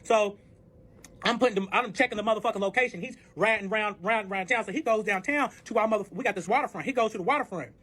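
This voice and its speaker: A storyteller guest on a casual storytime animatedly retells a cheating story, profane and dramatic, acting out the quoted arguments. His voice is high-pitched, fast and a bit bright.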